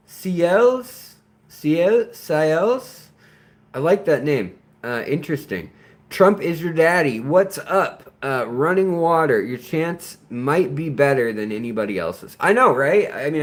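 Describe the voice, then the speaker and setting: Guy rambling on his livestream, greets chat, trips over names, mid pitch voice. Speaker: livestream host.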